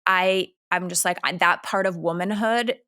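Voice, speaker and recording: Her voice sits fairly low, moving at a moderate pace with a pushed, bright, clean quality. She's a thirty-something Canadian podcast co-host in a loose, candid chat full of filler words.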